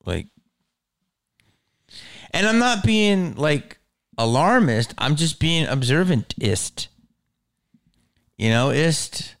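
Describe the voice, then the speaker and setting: A man hosting his own podcast, rambling in a casual, profane monologue that swings from mumbles to loud outbursts. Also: on the high side, lively intonation, slow, creaky, pauses often, no room sound, studio quality. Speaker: podcast host.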